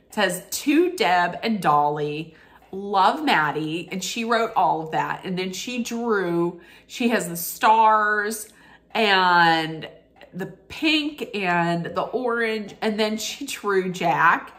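Teary woman doing an unboxing vlog, talks slow, gushy and rambly. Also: medium pitch, lively intonation, a bit bright. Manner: gushing, sentimental, rambling with many restarts. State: tearful. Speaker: vlogger.

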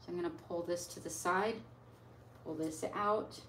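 A woman's voice: on the low side, steady tone, moderate pace. A woman dog groomer talking casually as she works, chatting and slipping into baby talk with the dog. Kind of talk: casual narration while working. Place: grooming salon. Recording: echoey salon, mic far off, faint noise.

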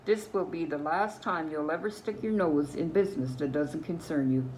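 A woman with a Newfoundland accent reading the lines of a gruff male thief ringleader, growling and sneering. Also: low-pitched, moderate pace, darkish tone, a little hiss or hum, lightly acted, poor audio. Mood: sneering threat.

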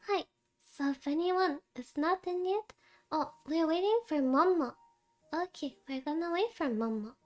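A woman VTuber chats casually with her viewers while gaming, sounding tired and sleepy yet cutesy and giggly, laughing often as she talks to chat. Her voice sits high, her pace is measured, and she pauses often, with faint music behind her.

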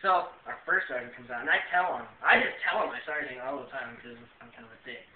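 A man's voice: medium pitch, lively intonation, quick pace, roomy sound, distant mic, phone-quality sound, a little hiss or hum. A young man telling a rambling comic story in casual slang, often laughing and acting out the other voices.

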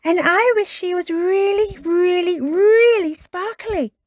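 A woman reading a storybook aloud and voicing an excited, bossy little girl piglet in a high, eager voice. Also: unhurried, no room sound, clean studio sound.

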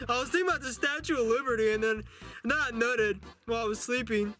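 A woman's voice: fairly high pitch, quick pace, fairly bright tone, faint music behind, natural voice. A woman voicing a bratty, crude young male plush turtle who talks in a smug, teasing way.

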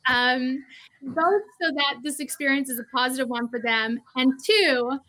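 Bright-voiced chatty woman host. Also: sits high, moderate pace. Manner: casual, chatty, with fillers like "you know". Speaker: host, interviewer. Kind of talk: livestream interview.

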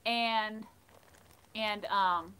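A woman hosting a livestream, casually telling funny stories and reading chat, animated and laughing. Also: medium pitch, extremely slow, clean tone, rough recording. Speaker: livestream host of a thrifting channel. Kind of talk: casual storytelling while reading live chat.

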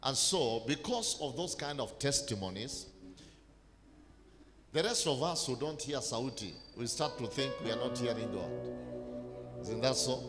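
A man's voice: medium pitch, lively intonation, measured pace, long pauses. A man, preaching a sermon as a bishop in an emphatic, repetitive call-and-response manner. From Kenya. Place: large church hall. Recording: reverberant church hall with music.

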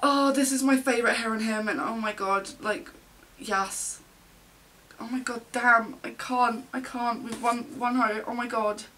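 Gushing young woman, bright voice. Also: on the high side, unhurried, far from the mic, a little hiss or hum. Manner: gushing, gasping, breathless fangirl excitement. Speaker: vlogger. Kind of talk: excited album unboxing.

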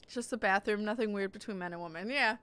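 A woman's voice: mid-range voice, fast, a bit bright, clear, resonant tone. A young woman casually commenting on a horror game, reading its dialogue aloud and joking as she plays. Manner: playful, reacts and jokes while reading lines. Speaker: let's play gamer.

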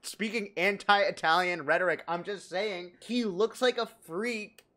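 A man's voice: high-pitched, unhurried, bright, forceful tone. A young man streaming a game from home, chatting in a crude, joking, rambling way. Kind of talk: casual gaming stream chat.

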